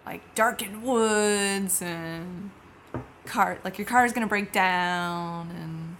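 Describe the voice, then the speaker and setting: A woman's voice: medium pitch, slow, a bit bright, a little hiss or hum. A young woman improvising a guarded, blunt young witch on an awkward date, in a dry, wary manner. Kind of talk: improvised comedy scene.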